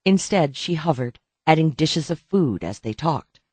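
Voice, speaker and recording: A man narrating a novel as an audiobook reader, in a steady, even storytelling manner. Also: a little high, a little slow, husky, no room sound. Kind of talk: scripted narration.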